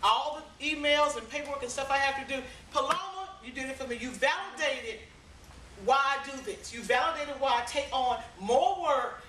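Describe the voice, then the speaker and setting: A woman's voice: sits high, normal speed, slight background noise. A woman giving a seminar talk, telling anecdotes and acting out the voices in them. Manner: animated, acts out voices in anecdotes. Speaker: speaker. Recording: echoey hall, mic from far off.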